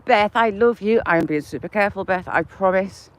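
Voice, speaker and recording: A woman with a mid-range voice talks fairly quickly while live-streaming a walk along a countryside path. She chats casually and laughs with her viewers, greeting them by name.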